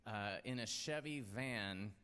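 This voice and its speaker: A man's voice: lowish voice, slow pace, pushed and bright, clear, resonant tone. Guy hosting a story night, rambly and self-deprecating, voice echoing around a big hall. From United States. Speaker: storytelling show host. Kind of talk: personal storytelling to a live audience. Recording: long hall reverb.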